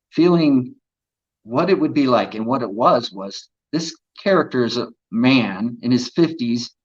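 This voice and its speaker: A man's voice: mid-range voice, husky. Earnest male actor, lo-fi sound. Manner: earnest, reflective storytelling. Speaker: actor, interview guest. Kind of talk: casual interview chat.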